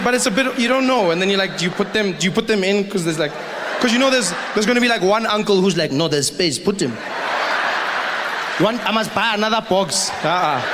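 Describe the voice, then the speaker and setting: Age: adult. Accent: South African. Sex: man. Role: animated stand-up comedian. Sound: noisy live stage. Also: fairly high pitch, big-room sound. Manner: animated, loud character voices, acted-out quotes. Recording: live room noise.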